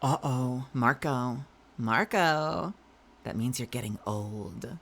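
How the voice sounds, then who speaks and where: A woman's voice: very deep voice, takes it slowly, a bit bright. A woman in her thirties chatting casually on a live stream, giggly and playful with lots of swearing. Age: 30s. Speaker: livestreamer.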